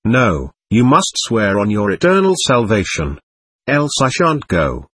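A man's voice: fairly low pitch, wildly swooping pitch, measured pace, a bit bright, slightly rough, exaggerated voice. A man reading as a grandly lecturing young schoolboy. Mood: commanding. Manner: grandly mock-solemn, lecturing. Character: bossy, theatrical schoolboy.

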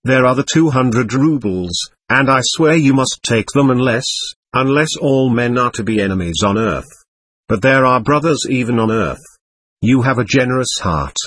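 A man voicing an earnest, gentle young man who pleads kindly and insistently. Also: medium pitch, lively intonation, moderate pace, slightly rough, dry recording. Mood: pleading.

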